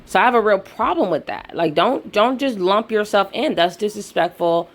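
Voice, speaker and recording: A woman's voice: mid-range voice, expressive, moderate pace. A woman giving a blunt, heated opinion vlog, swearing freely. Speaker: video commentator.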